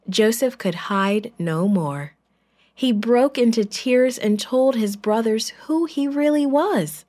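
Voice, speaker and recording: A woman narrating a children's Bible story in a gentle, clear, deliberate way. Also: a little high.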